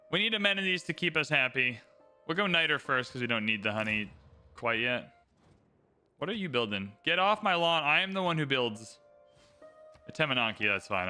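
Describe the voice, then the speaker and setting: A man's voice: medium pitch, pushed and bright. A man giving casual, upbeat livestream commentary while playing a strategy game, thinking aloud and chatting to his viewers.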